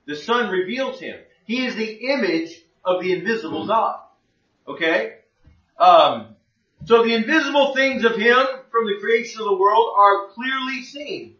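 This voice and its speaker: A man's voice: sits high, animated, a little slow, pushed and bright. A man teaching the Bible in a conversational sermon, plain-spoken and fond of rhetorical questions. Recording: echoey room, distant mic, dull lo-fi.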